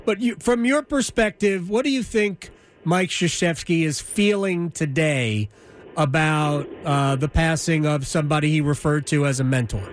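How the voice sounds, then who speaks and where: High-voiced male radio host interviewing. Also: normal speed, slight background noise. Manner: laughs along, brief acknowledgments.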